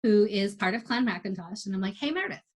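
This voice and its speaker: A woman telling a lively, casual story about competing for the first time as an amateur athlete. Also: medium pitch, a little fast, slightly rough. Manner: chatty, animated retelling with quoted dialogue.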